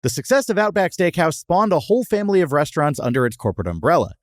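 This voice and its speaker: A man's voice: fairly high pitch, big pitch swings, fast talker, no echo. Guy hosting a podcast, jokey, voice swings up and down a lot, dry close mic. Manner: jokey, reads history notes between banter. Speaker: podcast host. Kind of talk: casual chat and read-out segments.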